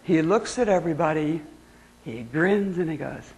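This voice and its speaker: A woman on a stage telling a playful, animated story as a motivational speaker. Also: moderate pace, heavy background noise. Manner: animated, playful, big swoops of pitch. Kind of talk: storytelling keynote speech. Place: stage in a spotlight.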